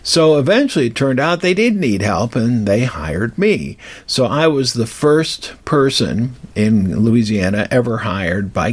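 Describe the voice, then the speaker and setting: Older male radio host in his seventies with a lowish voice, chatty and meandering storyteller. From Colorado. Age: 70s. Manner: rambling and anecdotal, with fillers and restarts. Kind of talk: casual storytelling.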